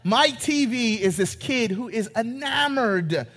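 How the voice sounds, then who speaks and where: A man preaching a sermon in a church, high-pitched and animated, joking with the congregation. His voice rings out with a long reverb from the big room around him. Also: slow pace. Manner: animated, joking, retells scenes in character voices. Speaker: pastor. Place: church sanctuary.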